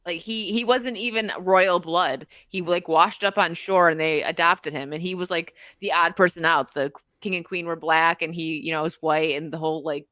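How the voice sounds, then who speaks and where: A woman's voice: on the low side, fairly even intonation, normal speed, hardly any pauses, sharp tone, dry recording. A woman hosting a casual live-stream chat, reading out donations and laughing often. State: tired. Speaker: stream host.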